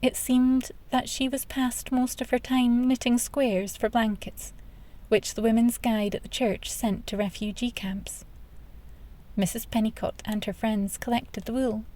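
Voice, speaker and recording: A woman reads a children's novel aloud in a gentle, measured storyteller's voice. Her pitch sits a little high, and the delivery is steady and clear. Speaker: audiobook narrator. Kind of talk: scripted children's book narration.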